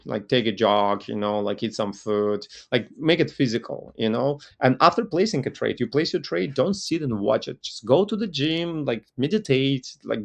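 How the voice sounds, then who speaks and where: A man's voice: medium pitch, vocal fry. A man with a Russian accent giving a loose, conversational talk on market analysis as a trading educator, full of "like" fillers.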